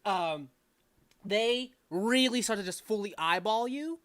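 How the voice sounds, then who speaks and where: A woman running a tabletop game as game master, narrating the scene in a loose, rambling way. Her voice sits at an ordinary middle pitch, peppered with fillers, restarts and laughter. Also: lively intonation, slow pace, a bit bright.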